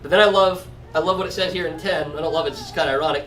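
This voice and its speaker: A man's voice: a little high, rapid-fire, fairly bright tone. A man teaching a casual Bible study, talking conversationally and often checking in with "right?". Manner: conversational, often adds 'right?'. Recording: roomy echo from a distant mic.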